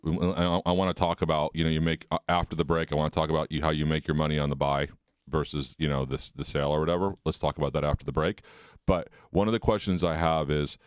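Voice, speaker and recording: A man's voice: extremely low pitch, steady tone, fast talker, smooth, dry recording, studio quality. A man co-hosting a radio talk show, telling anecdotes in a rambling, conversational way. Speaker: radio show co-host, mortgage lender.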